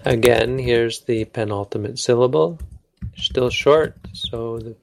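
A man's voice: medium pitch, slow, creaky, music in the background. A man teaching a language lesson in a casual, joking way, stopping to correct himself as he goes. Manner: informal, self-correcting, joking.

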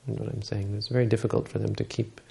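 In a dharma talk, a man retells a Buddhist story, often halting, restarting and correcting himself. He has a low, gravelly voice that is dark in tone and stays flat.

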